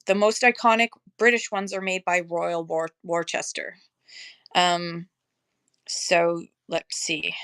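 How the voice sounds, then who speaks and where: A woman holding her phone indoors and chatting casually on a seller livestream, rambling and correcting herself with quick laughs. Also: mid-range voice, fairly bright tone, no room sound. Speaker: online live-auction seller. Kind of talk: casual livestream chat and demo. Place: indoor room with shelves. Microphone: handheld phone.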